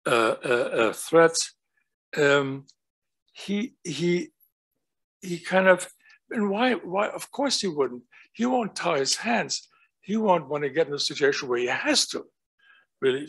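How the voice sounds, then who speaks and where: A man delivering an academic talk in a slightly raised, husky voice. He tells stories with energy and keeps throwing rhetorical questions at the audience. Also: on the high side, poor audio. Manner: animated storytelling with rhetorical questions. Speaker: guest lecturer.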